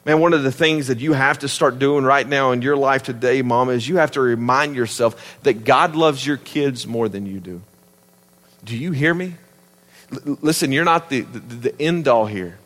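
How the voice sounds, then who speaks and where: A man in his thirties with a Southern US accent, preaching a sermon in an animated, emphatic and conversational way. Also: medium pitch, normal speed, long reverb tail. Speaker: pastor.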